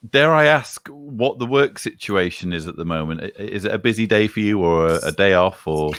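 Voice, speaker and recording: A man's voice: lowish voice, expressive, fairly quick, fairly bright tone. A man from England with a Manchester accent hosting a casual livestream chat with dry, self-mocking humor. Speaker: livestream host.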